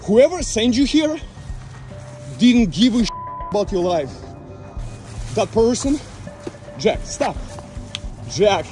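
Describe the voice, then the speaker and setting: A man shouting taunts while chasing someone on foot, repeating a name again and again and short of breath from running. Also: sits high, big pitch swings, slow, pauses often, soft background music. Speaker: scambaiter confronting a scammer. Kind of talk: shouted taunting during a chase.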